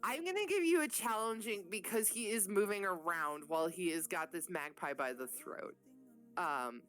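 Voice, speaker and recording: A woman's voice: on the low side, animated, moderate pace, fairly bright tone, soft background music. A woman running a tabletop game as game master, narrating the action casually, swearing freely and laughing often.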